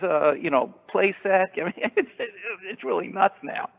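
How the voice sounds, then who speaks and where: A man calling in to a radio show, chatting in a halting, repetitive way. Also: high voice, creaky, fairly bright tone, rough recording. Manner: halting, repeats words, chatty. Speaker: caller. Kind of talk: casual call-in chat.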